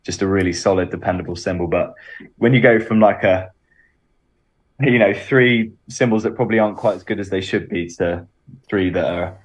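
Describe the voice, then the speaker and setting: A man's voice: low voice, normal speed. A man, a band's drummer, answering radio interview questions with many ums and restarts. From Bristol, England. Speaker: band drummer, interview guest.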